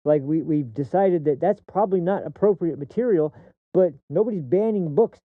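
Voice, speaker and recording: A man's voice: on the high side, normal speed, no echo. A male livestream host giving political commentary, ranting in a heated, profane way and often repeating and restarting words mid-sentence. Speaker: streamer host. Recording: dry, tinny phone-like audio.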